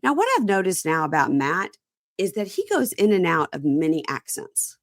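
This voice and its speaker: A woman from Mississippi hosting a casual chat, animated and mimicking the people she quotes. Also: fairly low pitch, moderate pace, no room sound, clean studio sound. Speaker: podcast host. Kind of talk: casual chat recapping reality TV.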